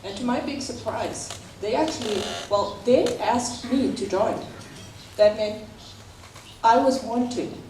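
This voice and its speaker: A woman's voice: on the high side, darkish tone, slight background noise. Earnest woman answering on a panel. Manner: earnest, halting, with restarts. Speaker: panelist, club member. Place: large conference hall. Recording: echoey hall from far off.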